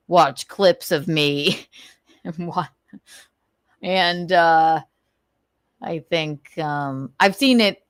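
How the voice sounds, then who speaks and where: Slow, animated woman venting on a livestream. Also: on the low side, no room sound, clean studio sound. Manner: rambling, gossipy, swears freely. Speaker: livestream host. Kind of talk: casual livestream chat.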